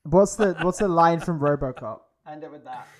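Brief: female podcast co-host, very low voice, dry short comments. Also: moderate pace, darkish tone. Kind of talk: casual chat.

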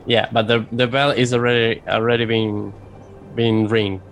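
A man's voice: mid-range voice, flat delivery, normal speed, a bit bright, a little hiss or hum. A man playing a tabletop game, talking hesitantly with many restarts. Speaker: player. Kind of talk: casual tabletop play.

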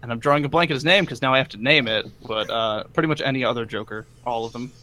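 A man co-hosting a gaming podcast in casual chat, animated and excitable. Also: medium pitch, quick pace. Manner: animated, excitable, laughs often. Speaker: podcast co-host.

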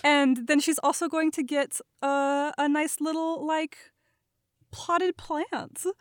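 Woman, Minnesotan accent, high voice, bubbly, giggly, casual game chat. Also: steady tone, takes it slowly, no echo, clean studio sound. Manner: giggly, bubbly, lots of fillers. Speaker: guest player.

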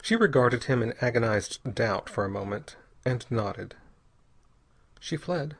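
A man narrating an audiobook chapter in a steady, even reading voice. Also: medium pitch, measured pace, breathy edge. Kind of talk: scripted narration.

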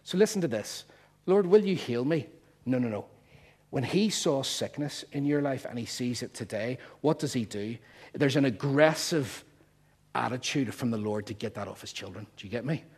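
A man's voice: mid-range voice, expressive, normal speed, slightly rough. A man preaching a sermon, emphatic and playful as he explains word meanings to his congregation.

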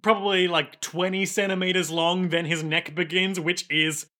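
A man with a bright, slightly high voice talks through an anime episode with a co-host. He rambles with quick jokes and asides, in an easy chatty way. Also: level tone. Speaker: podcast co-host. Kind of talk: casual chat recapping an anime.

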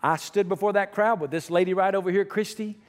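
A middle-aged male pastor preaching a sermon to his congregation, dropping to a hush and then rising almost to a shout. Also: high-pitched, a little fast, big-room sound. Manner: swings from hushed to near shouting. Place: church sanctuary.

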